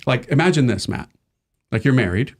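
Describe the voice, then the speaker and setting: An American man, a priest, speaking as a guest on a podcast in a mid-pitched voice. He tells stories animatedly, jumping into the voices of the people he quotes. The talk is loose and conversational. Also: expressive, fairly quick. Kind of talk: casual conversation.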